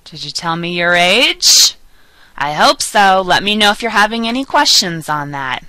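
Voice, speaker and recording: A woman teaching a beginner Spanish lesson, drilling sounds slowly and pausing for learners to repeat. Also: lowish voice, very animated, pushed and bright, dry recording. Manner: slow, patient drilling with pauses for repetition. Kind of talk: recorded online lesson.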